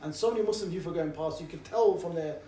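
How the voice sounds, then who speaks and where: A man giving a group briefing as an outreach trainer. He talks briskly and keeps checking in with the listeners. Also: on the high side, warm tone, slight background noise. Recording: echoey room, mic set far off.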